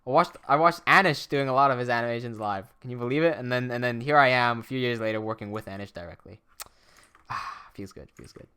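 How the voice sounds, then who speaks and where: A young man chats casually on a livestream and reads comments aloud. He laughs often and swears freely. His pitch sits at an ordinary middle for a man. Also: fast talker, sharp tone, clean tone. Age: young adult. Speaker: livestreaming animator.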